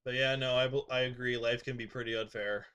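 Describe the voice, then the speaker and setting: A man's voice: medium pitch, little pitch movement, a little fast, pushed and bright, smooth. A man with a mid-range voice talking through his gameplay in a loose, casual way. He laughs a lot, scolds the creatures on screen and drops into muttered asides under his breath. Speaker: gaming streamer. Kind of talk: casual gameplay commentary, reading chat.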